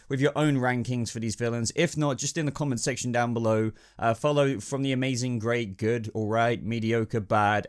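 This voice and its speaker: A young man hosts a casual ranking video, his voice hoarse but still fairly smooth underneath, pitched in an ordinary middle range. He thinks aloud as he goes, hesitant and rambling while he sorts his choices. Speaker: YouTube host.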